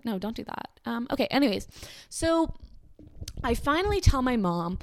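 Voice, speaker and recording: A woman's voice: very animated, normal speed, no room sound, studio quality. Chatty young woman rambling a storytime. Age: 20s. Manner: chatty, rambling, filler-heavy with sudden high-pitched quoted voices. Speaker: vlogger telling a personal story. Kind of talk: casual storytime.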